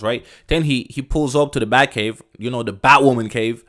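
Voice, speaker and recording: A man's voice: medium pitch, a little fast, sharp tone. A man hosting a podcast, ranting in a loose, profane, emphatic way and sprinkling in "bro" and "you know what I'm saying". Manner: loose, rambling, restarts sentences. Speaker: podcast host. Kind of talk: casual rant.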